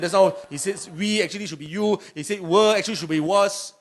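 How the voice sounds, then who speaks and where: Middle-aged pastor, high voice, animated and emphatic. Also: male voice, fast, hardly any pauses. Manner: animated, emphatic, with sudden shouts and asides. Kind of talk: sermon.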